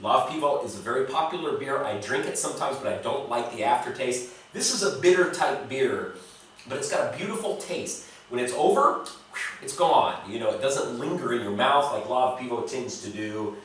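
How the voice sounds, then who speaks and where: A man's voice: medium pitch, expressive, moderate pace, a bit bright, far from the mic, slight background noise. An American man reviewing beers in a casual vlog, blunt and profane, talking straight to the viewer, in a home recording. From United States. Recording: very echoey room, voice a bit off-mic.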